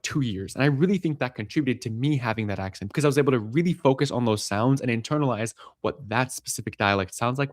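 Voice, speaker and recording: A man's voice: medium pitch, dry recording, clean studio sound. A young man talking casually about learning languages, full of filler words and "right?" checks. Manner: chatty, many filler likes and rights. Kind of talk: casual monologue.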